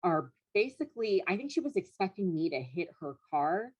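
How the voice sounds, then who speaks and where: Low-voiced young woman telling a story. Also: big pitch swings, moderate pace, darkish tone, slightly rough. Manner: rambling, filler-heavy, laughs through story. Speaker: comedian guest. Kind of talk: casual storytelling chat.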